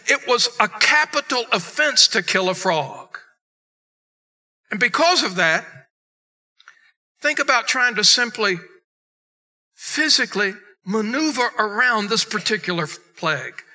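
A pastor delivers an emphatic sermon, his voice very high and strikingly bright. He swings between loud bursts and quiet, low passages.

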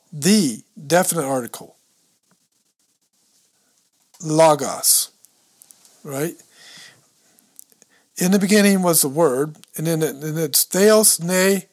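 Slow-talking man explaining scripture. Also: fairly high pitch, animated. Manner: explains step by step, thinks aloud while leafing through books; reads scripture and Greek words aloud, stumbling over pronunciation. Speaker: podcast co-host. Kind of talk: casual teaching talk on scripture.

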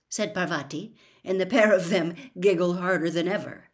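A woman reading a novel aloud as an expressive storyteller. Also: fairly low pitch, normal speed. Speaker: reader. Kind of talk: audiobook reading.

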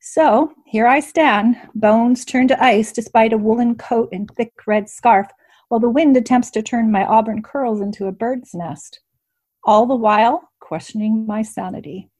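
A woman reading a first-person story aloud in a measured, soft way as an audiobook narrator. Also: fairly high pitch.

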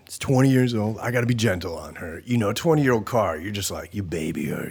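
A man hosting a podcast in a casual, comedic monologue, animated and profane, joking and sometimes trailing into mumbles. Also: lowish voice, fast, few pauses, slightly rough.

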